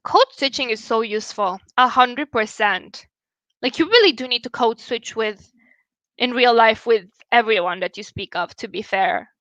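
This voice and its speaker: High, bright-voiced woman streamer. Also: expressive, moderate pace, no room sound, lo-fi sound. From Romania. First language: Romanian. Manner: outspoken and blunt, swears casually. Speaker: livestream host. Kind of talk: casual livestream chat.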